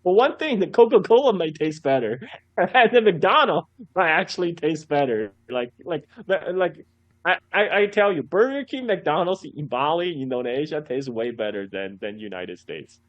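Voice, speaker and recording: A man talks as a guest in a casual podcast conversation, telling stories with lots of restarts and bursts of laughter. His voice sits a little high, and the sound is dry and close with no room around it. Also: normal speed, no room sound, lo-fi sound. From China. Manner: animated storyteller, laughs often, repeats words. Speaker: guest commentator.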